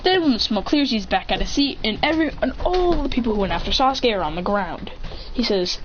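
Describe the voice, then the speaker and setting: A woman casually narrating a fan story in a rambling, excitable way. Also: a little high, a little fast. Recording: dull lo-fi with faint hiss.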